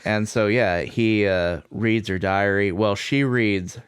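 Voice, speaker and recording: A man co-hosting a podcast, calmly explaining a film's plot in casual chat. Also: lowish voice, slow, clear, resonant tone, no echo, clean studio sound. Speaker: podcast co-host. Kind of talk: casual movie recap chat.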